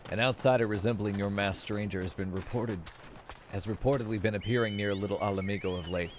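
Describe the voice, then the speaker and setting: A man's voice: fairly low pitch, fairly even intonation, quick pace, slight background noise, lightly acted. A man reading as a stern old elder. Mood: measured. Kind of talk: reading game dialogue aloud.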